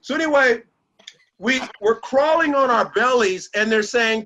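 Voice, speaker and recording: A middle-aged man speaks in a notably high, bright voice as he gives a motivational talk to a small group. He tells stories in an animated way and acts out the lines he quotes. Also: unhurried, highs cut off, a little hiss or hum.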